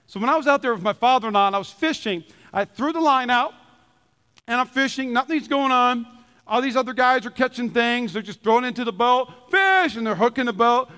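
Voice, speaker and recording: A pastor from Minnesota preaching a sermon with humorous stories, repeating key lines for emphasis. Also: male voice, extremely high pitch, a bit bright, clear, resonant tone, long reverb tail. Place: church.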